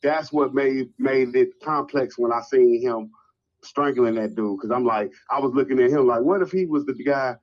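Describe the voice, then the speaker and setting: A man's voice: medium pitch, normal speed. A man with a mid-range voice co-hosts a casual talk show and keeps the talk going with short replies. His voice comes through a dull, lo-fi recording. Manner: conversational, backchannels often.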